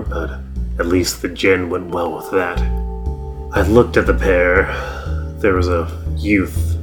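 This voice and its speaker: A man voicing a world-weary hardboiled male detective who narrates in dry noir style, with music behind. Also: deep voice.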